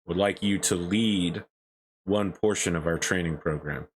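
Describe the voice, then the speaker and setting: A man voicing a female military commander who speaks in a measured, formal way. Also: low voice, breathy edge, low-quality recording.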